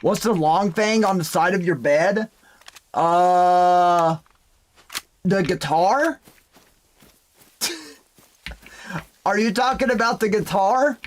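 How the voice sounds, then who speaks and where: A man's voice: high voice, slow, pauses often, a little hiss or hum. A young man streaming a hunting game, chatting casually and reading viewer messages aloud with folksy exclamations. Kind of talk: casual live-stream commentary.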